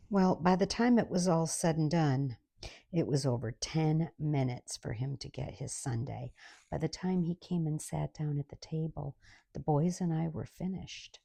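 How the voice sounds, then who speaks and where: Low gravelly woman ranting sarcastically. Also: a little slow, dark tone, dry recording. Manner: exasperated, sarcastic. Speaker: comic storyteller. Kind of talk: comic rant monologue.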